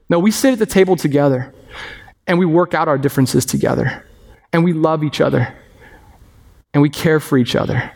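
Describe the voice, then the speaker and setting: A man preaching a sermon as pastor, animated and acting out the voices of others. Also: a little high, fairly quick, vocal fry. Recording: long reverb of a hall.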